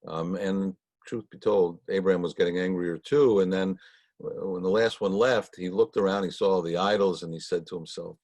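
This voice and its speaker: A man leading a Torah study, telling stories in a folksy, conversational way with frequent pauses. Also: deep voice, fairly even intonation, darkish tone, dry recording. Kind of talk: storytelling talk.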